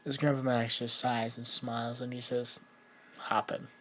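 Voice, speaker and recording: A man improvising a fan-made story out loud, rambling with many fillers and restarts. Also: mid-range voice, flat delivery, normal speed.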